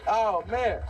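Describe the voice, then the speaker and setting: A man, a comedian, telling a loose streetwise story and then chatting and laughing about it. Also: very high voice. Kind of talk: stand-up set then casual chat.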